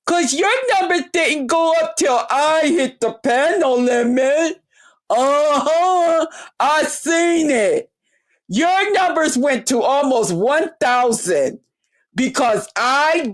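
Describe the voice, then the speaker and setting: Brash, high-voiced woman ranting and cursing. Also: slow pace. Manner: loud, brash, heavy swearing, animated retelling. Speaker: vlogger. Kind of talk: profane storytelling rant.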